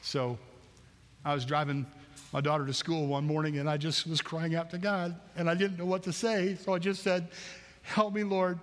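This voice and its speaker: A man's voice: a little high, flat delivery, normal speed, big-room sound. A middle-aged man, a pastor, preaching a conversational sermon that repeats phrases and acts out prayers. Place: church sanctuary.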